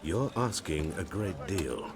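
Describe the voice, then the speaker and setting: An actor playing a wary, businesslike grain merchant in a video game, speaking stiffly and formally. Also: male voice, sits low, expressive, takes it slowly, a crowd in the background. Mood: haggling.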